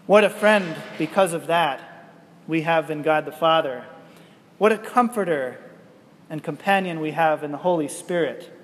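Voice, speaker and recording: A male pastor giving a sermon, preaching in a slow, emphatic way and asking rhetorical questions. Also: fairly high pitch, fairly bright tone, long reverb tail.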